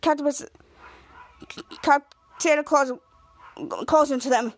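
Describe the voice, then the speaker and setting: A woman's voice: high voice, fairly even intonation, slow pace. A woman podcast host giving a casual, rambling recap of a TV episode, often restarting her sentences. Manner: rambling, restarts with many cuts.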